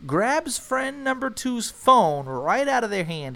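A young man in his twenties from San Antonio, Texas, telling a wild story in casual, profane chat, jumping into loud, high quoted voices. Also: very animated, measured pace, few pauses, slight background noise.

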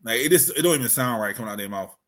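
A man's voice: mid-range voice, lively intonation, rapid-fire, fairly bright tone. Male co-host, leads the discussion, asks questions, medium voice. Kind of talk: casual chat.

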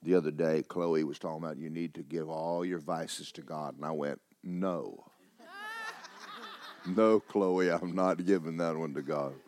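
A man's voice: extremely low pitch, steady tone, a little slow, a little mellow. A man preaching a sermon as pastor, mixing joking asides with fervent calls.

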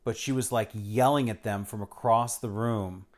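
A man chatting casually, blunt and profane, who is quick to laugh and to tease. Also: lowish voice, fairly even intonation, a little mellow. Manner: blunt, profane, easily amused. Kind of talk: casual chat.

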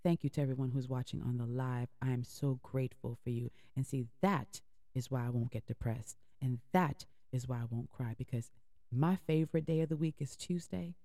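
A woman's voice: a bass voice, moderate pace, warm tone, no room sound, clean studio sound. A woman hosting an internet radio show, giving heartfelt, encouraging inspirational talk and repeating phrases for emphasis. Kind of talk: inspirational talk between music.

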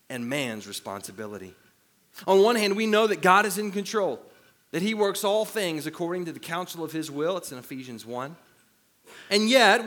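A male pastor preaching with a high, bright voice that swings widely in pitch. His delivery is animated, and he jokes at his own expense. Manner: animated, self-deprecating humor. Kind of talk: sermon.

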